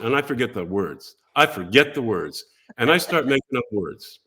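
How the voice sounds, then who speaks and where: Older man, guest storyteller, very lively pitch, acts out quotes, animated chat. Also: a little fast, a little hiss or hum. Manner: lively, acts out voices and quotes in his stories.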